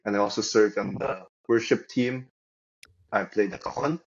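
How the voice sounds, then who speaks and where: A man's voice: fairly low pitch, moderate pace, slightly rough. Easygoing young man, dull lo-fi sound. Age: young adult. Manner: easygoing, chatty and upbeat, laughing often. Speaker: podcast guest. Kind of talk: casual podcast chat.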